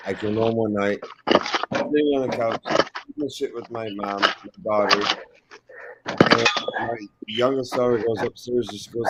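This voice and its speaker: A man's voice: on the low side, measured pace, pauses often, very noisy. Blunt, rambling middle-aged male stream host. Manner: rambling storyteller, blunt and profane. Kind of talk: casual chat.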